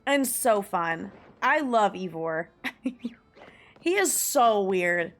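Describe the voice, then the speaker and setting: A woman's voice: mid-range voice, lively intonation, slow, a bit bright. A young American woman streaming a game, chatting in a rambling, enthusiastic way full of "like" fillers and the odd swear word. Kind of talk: casual chat while gaming. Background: faint game music.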